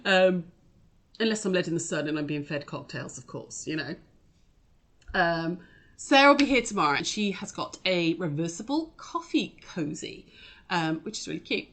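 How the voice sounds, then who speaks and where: A woman's voice: on the low side, expressive, normal speed, a bit bright. A woman hosting a casual live quilting demonstration, chatty and rambling as she talks straight to her viewers. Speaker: quilting shop host.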